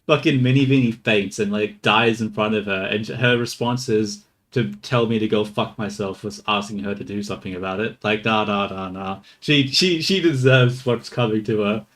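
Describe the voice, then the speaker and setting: A man's voice: on the low side, normal speed, hardly any pauses, a bit bright. Swearing, laughing male streamer. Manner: profane, laughing asides. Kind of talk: casual live-stream chat.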